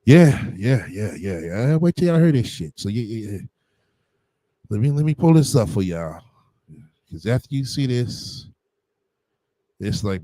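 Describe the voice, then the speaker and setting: A man runs a livestream commentary, blunt and combative, with plenty of profanity and slang fillers. His voice sits low with a warm, dark tone, recorded dry with no room around it. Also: big pitch swings, unhurried, long pauses, no echo. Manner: blunt, combative, heavy on slang and "you know what I'm saying".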